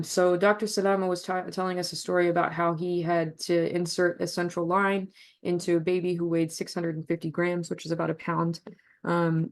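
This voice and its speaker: A woman presenting a trip report in a webinar over a video call, speaking earnestly and haltingly, with many fillers and restarts. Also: on the low side. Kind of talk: webinar talk over photos.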